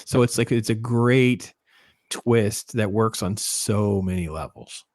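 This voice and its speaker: Guy hosting a panel chat, low voice, dry sound, gets animated acting stuff out. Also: takes it slowly, no room sound. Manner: animated, acts out scenes in quoted voices. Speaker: podcast host. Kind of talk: casual panel discussion.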